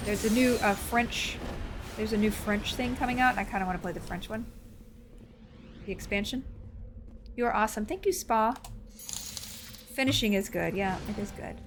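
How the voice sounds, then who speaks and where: A woman in her forties chatting excitedly while playing a game live, with loud exclamations. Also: medium pitch, normal speed, long pauses, background noise. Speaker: streamer. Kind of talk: live gameplay commentary.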